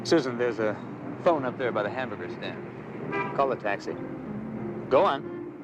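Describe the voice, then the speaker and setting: A man's voice: medium pitch, lively intonation, normal speed, dull audio, background noise, natural voice. An actor playing a stern police detective who questions and lectures a young woman on a street. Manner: firm, lecturing. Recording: old TV drama with music behind.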